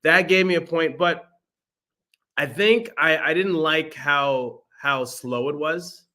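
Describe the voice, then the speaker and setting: This podcast co-host, a young man, takes it slow as he jokes around reviewing movies, laughing frequently. His voice is fairly high, with a pushed, bright quality.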